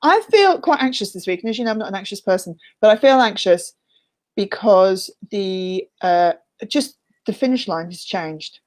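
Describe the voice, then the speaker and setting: A woman's voice: mid-range voice, lively intonation, normal speed. Playful woman co-host. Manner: playful, teasing, chatty. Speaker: podcast co-host. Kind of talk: casual video podcast chat. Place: room in a mountain house.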